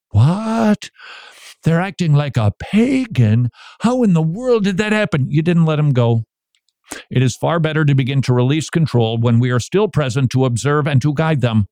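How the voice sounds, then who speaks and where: Man, Christian radio talk host, lively pitch, dry close studio sound, animated delivery with quoted asides. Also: dry recording.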